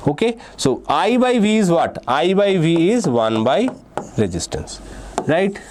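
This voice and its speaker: A man's voice: on the high side, sing-song, measured pace, a little mellow, slight background noise. A man teaching physics for an entrance exam. He works through problems step by step and keeps checking in with "okay" and "right?". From India. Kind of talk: exam-prep lecture.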